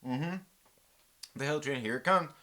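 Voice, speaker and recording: A man's voice: fairly high pitch, measured pace, pushed and bright. A man hosting a casual live-stream chat, rambling in a laid-back way and reading viewer comments aloud. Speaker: channel host.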